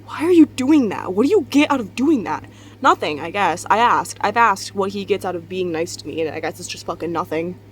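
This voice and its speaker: A woman's voice: mid-range voice, expressive, fairly quick, slight background noise. A young woman, tired and just out of bed, rambling candidly in a casual confessional vlog from her bedroom, swearing and laughing often. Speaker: vlogger. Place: bedroom at home.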